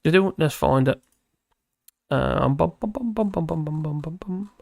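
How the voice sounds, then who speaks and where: A man's voice: fairly high pitch, expressive, normal speed, gravelly, darkish tone, dry recording, studio quality. A man hosting a casual livestream, rambling and humming to himself while he looks for things. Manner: rambling, hums while searching. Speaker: livestream host.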